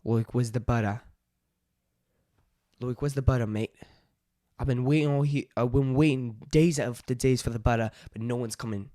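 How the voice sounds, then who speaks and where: A man's voice: fairly high pitch, normal speed, vocal fry, few pauses, dark tone, no echo, clean studio sound, voice pushed up. A man voicing a talking male bear for a tabletop game, speaking in a choppy way with floating words and a put-on Australian-style lilt. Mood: gruff complaining.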